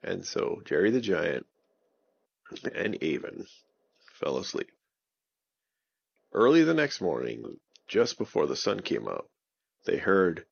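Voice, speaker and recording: A man narrating a bedtime story for children in a gentle, unhurried way. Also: low voice, gravelly, slightly rough, highs cut off.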